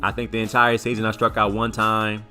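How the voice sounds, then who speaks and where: Bright-voiced man telling a story. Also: on the low side, brisk, soft background music. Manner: rambling, animated, repeats words while recounting. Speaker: sports show co-host. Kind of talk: casual storytelling chat.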